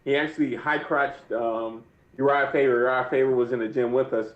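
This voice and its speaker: A man's voice: mid-range voice, fairly even intonation, brisk. A young man interviewed as a pro fighter, rambling with lots of "you know what I mean". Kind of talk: casual interview. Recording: muffled echoey remote audio.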